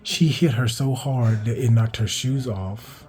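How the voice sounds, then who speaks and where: A man casually telling a personal story, rambling and cursing, with restarts and higher-pitched acted-out quotes. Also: steady tone, unhurried, a little mellow, faint music behind. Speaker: vlogger telling a childhood story.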